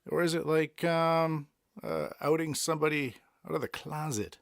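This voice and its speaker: A man's voice: a little high, moderate pace, creaky, no room sound, clean studio sound. A man from Boston with a Boston accent, hosting a casual solo podcast and chatting about songs in a rambling way, with many fillers. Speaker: podcast host. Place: Tokyo.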